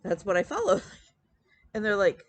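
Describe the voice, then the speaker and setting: A woman's voice: medium pitch, sing-song, normal speed. A woman chatting casually as a cross-stitch vlog host, telling stories with lots of quoted dialogue and fillers. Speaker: flosstube host. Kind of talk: casual chat.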